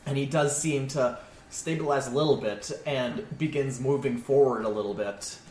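A man running a tabletop game as game master, casual and halting. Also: mid-range voice, fairly even intonation, a little mellow. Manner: casual, halting, laughs often. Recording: echoey room, faint noise.

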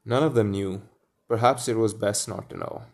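A man reading a children's story aloud, pausing to muse and comment on it. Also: on the low side, creaky. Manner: muses aloud between passages. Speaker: reader.

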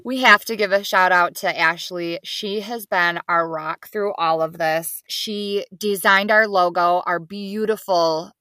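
Bright upbeat woman co-hosting a podcast. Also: fairly low pitch, fairly even intonation, unhurried, hardly any pauses, no room sound. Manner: upbeat, runs segments. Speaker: podcast co-host. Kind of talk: casual chat.

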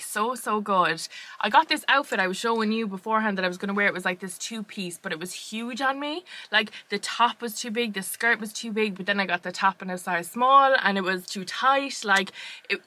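A woman's voice: medium pitch, bright, forceful tone. A woman co-hosting a podcast, telling stories in casual chat with lots of fillers and laughter. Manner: chatty, laughing, fast storytelling with many fillers. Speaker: podcast co-host.

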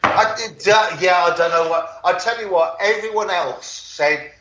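A man's voice: sits high, normal speed, fairly bright tone. A British man, a singer-songwriter guest, chatting casually and laughing at himself. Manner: chatty, laughing, self-mocking. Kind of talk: casual chat. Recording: roomy, dull lo-fi sound.

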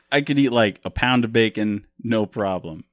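A man's voice: fairly low pitch, a little slow, no echo, clean studio sound. A man co-hosting a casual podcast about movies, joking and rambling with frequent laughs. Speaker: podcast co-host.

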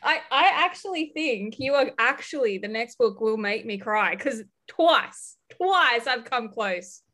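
Woman, bright tone, animated, teasing, casual chat host. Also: fairly high pitch, measured pace.

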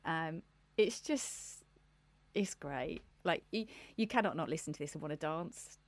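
A woman's voice: deep voice, a little slow, no echo. A woman co-hosting a podcast, chatting casually about music with lots of laughs and enthusiasm. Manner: giggly, enthusiastic, rambling. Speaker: podcast co-host.

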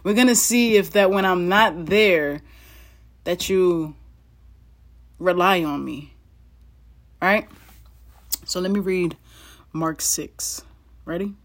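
A woman's voice: on the low side, slow pace, pauses often. A woman reading Bible passages aloud and breaking off into chatty asides to her listeners, often laughing as she goes. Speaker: Bible teacher. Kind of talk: casual Bible reading with commentary.

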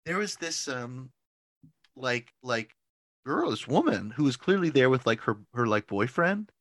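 A man's voice: medium pitch, big pitch swings, unhurried, a bit bright, dry recording. A man co-hosting a casual podcast, telling a long story with lots of "like" fillers and frequent laughter. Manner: rambling storyteller, many "like" fillers, laughs often. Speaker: podcast co-host. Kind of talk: casual chat.

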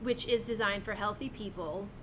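A woman being interviewed on a casual podcast, friendly and reassuring with quick laughs. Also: a bit bright. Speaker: podcast guest, insurance agent. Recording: audible background rumble.

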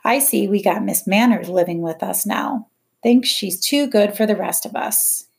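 A woman voicing a harsh, bitter mother who speaks in heavy, cold, slow threats, in an audiobook. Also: mid-range voice, gravelly, close to an everyday voice. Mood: scornful.

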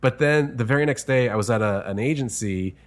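A man's voice: medium pitch, a little fast. A man, a screenwriter, chatting casually as an interview guest and laughing often between stories.

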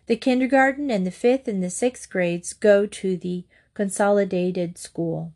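A woman voicing a friendly, lively schoolgirl in a storybook reading, cheerful and a little bossy. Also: mid-range voice, measured pace, close to an everyday voice.

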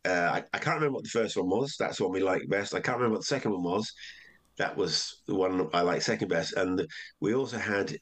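Deep-voiced older man telling anecdotes. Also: quick pace. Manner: rambling, with many restarts and acted quotes. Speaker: comedian guest. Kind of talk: relaxed anecdotal chat.

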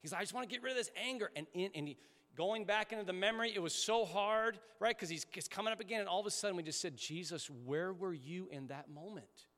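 A pastor delivering a conversational sermon, emphatic at times and dropping to soft prayerful tones. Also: male voice, high-pitched, fairly quick, big-room sound. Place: church sanctuary.

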